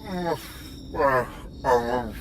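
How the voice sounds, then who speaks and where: An actor playing a dazed, wildly excitable disembodied brain who swings from whispers to shouts. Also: male voice, medium pitch, extremely slow, a little hiss or hum. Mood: giddy. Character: giddy disembodied male brain, cosmic and dazed. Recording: game music playing behind.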